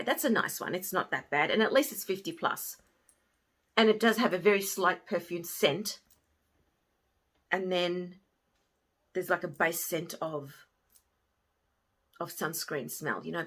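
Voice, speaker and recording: A woman casually reviewing beauty products she bought, chatty and often trailing off softly at the ends of her thoughts. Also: mid-range voice. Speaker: beauty haul vlogger.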